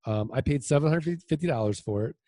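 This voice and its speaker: Mellow-voiced man telling animated anecdotes. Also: a little high, a little fast, no room sound. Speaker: land investor guest. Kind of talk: casual interview storytelling.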